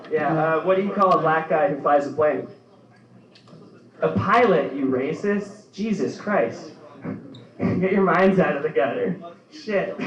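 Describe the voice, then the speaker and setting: A young male comedian with a slightly high voice rambles through his stand-up set, deadpan and laughing at his own lines. He sounds far from the mic, in a roomy club. The recording is dull. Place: small club. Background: club room.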